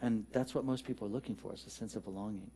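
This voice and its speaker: A man's voice: on the low side, steady tone, very fast, warm tone, a little hiss or hum. A man giving a storytelling sermon, conversational and humorous, who talks directly to his congregation. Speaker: minister. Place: church sanctuary.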